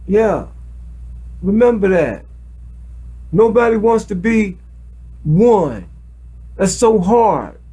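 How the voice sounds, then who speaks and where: A man's voice: extremely high pitch, low-quality recording. A man giving a rambling, preachy monologue to a webcam, often repeating his words. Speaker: self-made video commentator. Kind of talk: casual monologue to camera.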